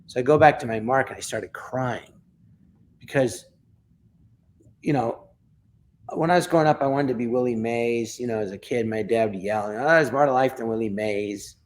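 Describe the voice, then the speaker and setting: A middle-aged comedian from Los Angeles, appearing as an interview guest, tells a story with lively energy and performs the quoted lines himself. His mid-range voice moves at a moderate pace with frequent pauses.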